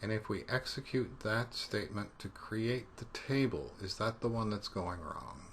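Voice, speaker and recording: A man teaching programming in a relaxed screencast, thinking aloud as he debugs and joking about his own mistakes. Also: fairly low pitch, normal speed, slight background noise. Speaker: programming instructor. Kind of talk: screencast coding tutorial.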